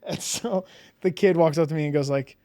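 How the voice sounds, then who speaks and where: A man telling a story as a podcast guest in a casual, animated way, full of "like" fillers and acted-out reactions. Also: on the high side, a little fast. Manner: animated, many "like" fillers, acts out his own reactions.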